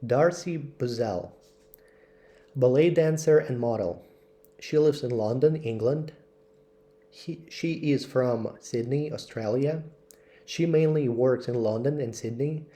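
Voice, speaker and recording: A man's voice: mid-range voice, dark tone. Man reading English lessons aloud. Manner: slow, careful read-aloud delivery. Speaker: English teacher. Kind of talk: reading textbook passages aloud.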